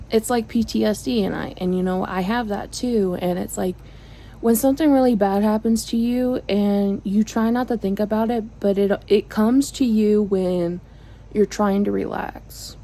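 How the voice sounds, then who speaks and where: A woman's voice: medium pitch, fairly even intonation, measured pace, vocal fry, mellow, low-quality recording. A woman vlogging from home into her phone, giving a rambling, frank update to her viewers with lots of fillers and dry sarcasm. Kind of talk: casual venting update to viewers. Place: at home, indoors.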